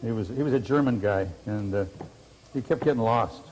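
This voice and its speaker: An older man co-hosting a comedy cooking show, trading dry, deadpan jabs with his partner. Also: mid-range voice, moderate pace, slight background noise, rough recording. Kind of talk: comic banter while cooking. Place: TV studio kitchen with live audience.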